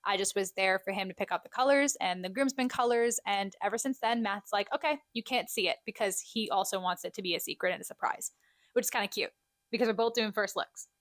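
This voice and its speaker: A young woman hosting a podcast, telling stories in a chatty, self-deprecating way. Her voice is pitched at an ordinary height, and the recording is close and dry. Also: a little fast, fairly bright tone, no echo. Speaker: podcast co-host. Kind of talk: casual solo catch-up chat.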